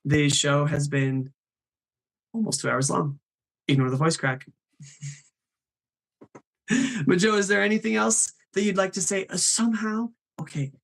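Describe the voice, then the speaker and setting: A man's voice: high-pitched, vocal fry, a bit bright. A man hosting a live stream, chatting in an upbeat way and reading names from the chat.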